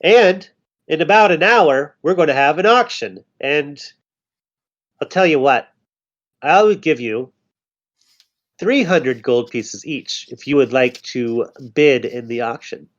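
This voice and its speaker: A man's voice: on the high side, lively intonation, slow pace, long pauses, highs cut off. A man playing a small scheming goblin boss. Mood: welcoming. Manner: fawning then indignant, showy.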